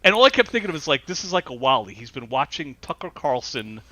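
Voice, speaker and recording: A man hosting a podcast, telling stories in a lively way, laughing often and restarting his sentences. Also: medium pitch, fast talker. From New York. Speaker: podcast host. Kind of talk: casual chat.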